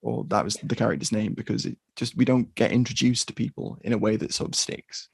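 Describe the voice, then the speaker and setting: A man's voice: fairly low pitch, steady tone, a little fast, creaky, breathy edge, no room sound. A man co-hosting a film podcast, talking casually with hesitant restarts. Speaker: podcast co-host.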